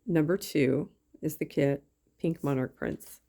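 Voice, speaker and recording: A woman with a twang talks her viewers through a craft project, rambling and thinking aloud as she goes. Her voice sits low, with a gravelly fry and a dark, mellow tone. She sounds like she is recording at her craft table at home on a camera mic. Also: a little slow. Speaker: craft YouTuber. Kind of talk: casual craft-along chat.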